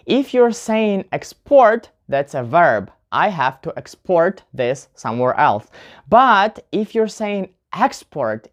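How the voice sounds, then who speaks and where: A man teaching a casual English pronunciation lesson, chatty, often calling his viewers "guys" and repeating example words slowly. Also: high voice.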